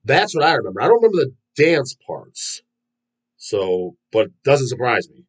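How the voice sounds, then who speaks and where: Casual host type: a husky-voiced man who swears freely and rambles, with an animated, rising and falling delivery. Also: mid-range voice, normal speed, low-quality recording. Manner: profane, rambling storyteller with frequent fillers. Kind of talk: casual rant about metal.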